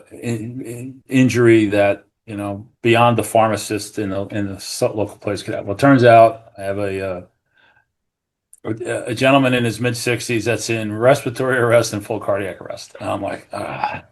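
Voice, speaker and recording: A middle-aged man from New Jersey, a retired fire captain, telling a story as a podcast guest in an earnest, animated way, acting out what people said. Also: on the low side, moderate pace. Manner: earnest, animated, acts out quoted remarks, many restarts. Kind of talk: conversational storytelling.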